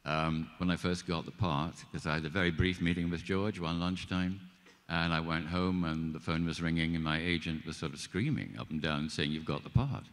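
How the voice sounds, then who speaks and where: A man's voice: low-pitched, normal speed. An older man, a guest actor, telling stories at a live panel and acting out quoted dialogue. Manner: animated, acts out quoted dialogue. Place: live event stage. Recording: long hall reverb.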